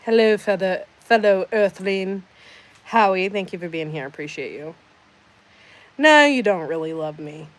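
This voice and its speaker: A woman's voice: mid-range voice, expressive, a little slow. A woman hosting a casual livestream, reading out chat comments with sarcastic, teasing banter. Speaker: livestream host.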